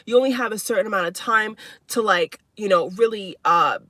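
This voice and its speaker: A woman's voice: medium pitch, a little fast, sharp tone, no echo. A woman in her twenties talking candidly in a personal vlog, emphatic and repetitive, full of "you know" and "like". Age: 20s. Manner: emphatic, repeats herself, fillers like "you know". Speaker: spiritual vlogger.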